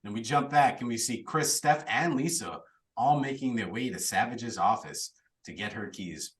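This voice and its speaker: A man's voice: mid-range voice, normal speed, a bit bright, far from the mic, poor audio. A man hosting a podcast, chatty and laughing now and then as he recaps a plot. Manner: chatty, laughs while telling the story. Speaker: podcast host recapping a film.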